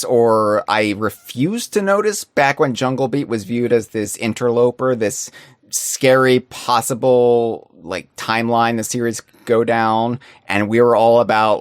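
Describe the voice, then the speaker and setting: A man's voice: medium pitch, no room sound, studio quality. A man talking as a podcast guest, reflective and earnest, explaining his views at length in casual chat.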